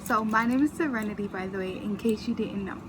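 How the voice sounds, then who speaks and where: A woman's voice: mid-range voice, fast talker, noisy background. A young woman chatting casually through a makeup tutorial, walking viewers through each step in an informal way. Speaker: beauty vlogger.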